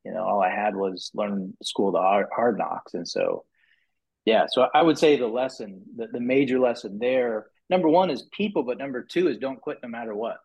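A man guest on a podcast, telling his story in a casual, animated way, with many restarts and repeated "you know"s, and his voice rising high when he acts out what others said. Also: moderate pace, vocal fry, husky. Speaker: podcast guest, business owner. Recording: muffled lo-fi podcast audio.

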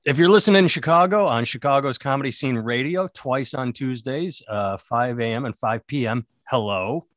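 A man's voice: medium pitch, moderate pace, few pauses, fairly bright tone, no room sound, studio quality. A man who is a stand-up comedian co-hosting a podcast, rambling and sardonic in casual comedic chat. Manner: rambling, sardonic, self-mocking.

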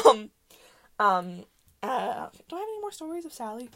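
A young woman hosting a podcast, telling chaotic stories from school in a casual, animated way, acting out the people she quotes. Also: a little high, normal speed, creaky. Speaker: podcast host. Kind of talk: casual storytelling.

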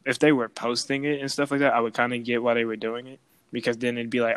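A man's voice: medium pitch, flat delivery, fast, a bit bright, smooth, dry recording, low-quality recording. A young man, chatting casually and animatedly, acting out voices in his stories. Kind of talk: casual chat.

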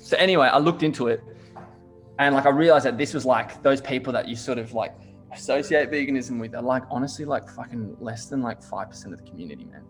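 A man's voice: mid-range voice, fast talker, faint music behind. A young man, talking in a casual chat. He tells stories animatedly, fills his speech with "like" and swears often. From Australia. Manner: swears a lot, heavy use of "like", animated storytelling.

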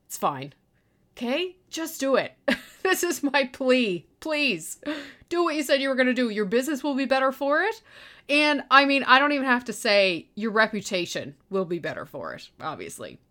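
A woman's voice: sits high, expressive, a little fast, pushed and bright. A middle-aged woman hosting a solo show, delivering a blunt, profane rant about people who make excuses and don't deliver. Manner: blunt, exasperated, swears freely, mocks excuses in a whiny voice. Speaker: podcast host and online course business owner. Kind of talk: profane ranting monologue.

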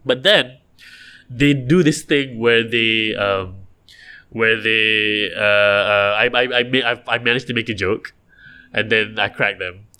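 Man, podcast co-host, lively rambling chat, bright forward tone. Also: on the low side, a little slow, clean tone. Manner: animated, rambling with restarts. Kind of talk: casual chat.

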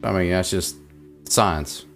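A man with a lowish voice tosses in dry, sarcastic one-liners during relaxed podcast talk. His delivery stays flat and deadpan. Faint music plays behind. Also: slow pace, vocal fry. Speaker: podcast co-host. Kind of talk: casual chat.

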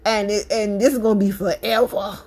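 A woman's voice: medium pitch, flat delivery, a little fast, darkish tone, slightly rough. A woman, a mother, giving her opinion in a casual monologue, emphatic and blunt, repeating her points with passion. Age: adult parent.

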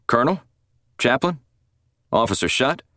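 A man voicing a deliberate, courteous prison warden who speaks in a measured way. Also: medium pitch, big pitch swings, bright, forceful tone, no echo, studio quality, voice pushed up.

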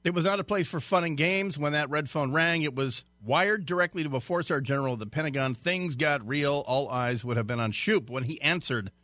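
A man's voice: fairly high pitch, a little fast, few pauses, sharp tone, no echo. Chatty male radio host, dry studio sound. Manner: chatty, stumbling restarts, jokey asides. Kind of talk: casual radio talk, reading a story.

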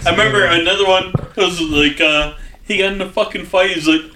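A man's voice: sits high, steady tone, brisk, bright, forceful tone, slight background noise. A man co-hosting a podcast, tossing in crude, laughing banter. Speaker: podcast co-host. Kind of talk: casual banter.

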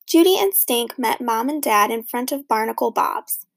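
A woman narrating a children's storybook in a lively, expressive reading. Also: fairly high pitch, normal speed, gravelly. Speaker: audiobook narrator.

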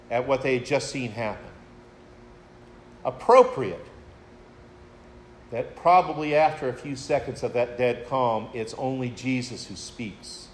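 A man's voice: mid-range voice, a little hiss or hum. A man preaching a sermon, retelling a story in a reflective way and addressing his listeners as friends. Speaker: pastor.

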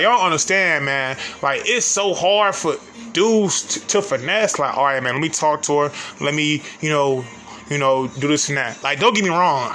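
A man's voice: on the high side, sharp tone. A man doing a brash, profane comic rant, full of slang and cursing, rambling with lots of fillers. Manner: loose, rambling delivery with many fillers.

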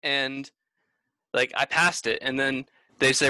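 A man with a bright voice talks in a casual chat, recorded dry and close. He tells his story in a relaxed way, saying "like" a lot. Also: mid-range voice, unhurried, no echo. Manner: relaxed storyteller, says "like" often.

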